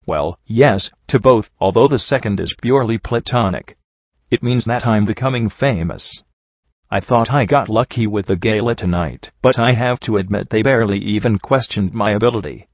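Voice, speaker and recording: A prim, proper young mare cellist, fussy and formal in every phrase, as a man reading the story puts her on. Her voice sits low and a touch deeper than the narration. The sound is dull and dry, as if from a home setup. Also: moderate pace, no echo. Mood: elated.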